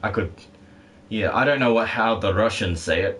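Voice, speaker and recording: A man's voice: on the low side, moderate pace, a bit bright. A man streaming a video game who chats casually with his viewers, rambling, joking, swearing and laughing often. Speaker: game streamer reading chat. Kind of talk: casual live-stream chat.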